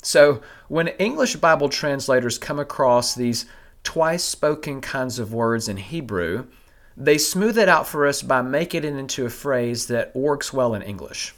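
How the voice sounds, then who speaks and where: A man, a father with a family, giving a measured, scripted Bible lesson, explaining a passage step by step and posing rhetorical questions. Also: medium pitch, animated. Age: adult with a family. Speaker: Bible teacher. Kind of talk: scripted teaching narration.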